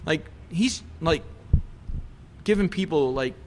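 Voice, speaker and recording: Animated profane man telling a story. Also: fairly high pitch, slow, a little hiss or hum. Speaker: chef, podcast guest. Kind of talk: casual storytelling interview.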